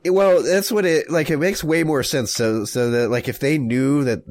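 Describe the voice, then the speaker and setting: A man co-hosting a casual comedy podcast, telling a story in a rambling, jokey way and acting out people in quick voices. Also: fairly high pitch, darkish tone, no echo.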